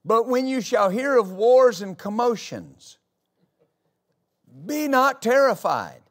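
A man's voice: extremely high pitch, sing-song, slow pace. A man preaching a sermon as pastor, reading scripture aloud and asking his congregation rhetorical questions. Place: church.

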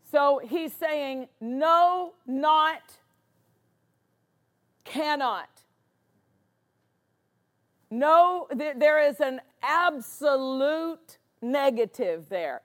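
Woman pastor, sermon, emphatic repetition, high voice, slow delivery. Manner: emphatic, repeats words for stress.

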